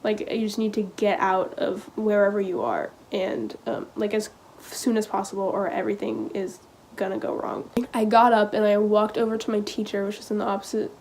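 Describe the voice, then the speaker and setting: Teen girl vlogger, average pitch, casual storytelling, hesitant and filler-heavy. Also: flat delivery, vocal fry, a little mellow, a little hiss or hum. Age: teens. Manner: hesitant, halting, heavy use of "like" and "um".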